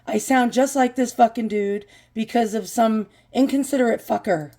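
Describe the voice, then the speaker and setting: This is a hoarse woman whose voice is creaky and croaky because she is losing it. She talks in a dark, mellow tone. She rants casually and swears freely as she hosts a vlog about vintage glass. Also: fairly high pitch, moderate pace. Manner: profane, ranting, self-deprecating. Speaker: vintage glass video host.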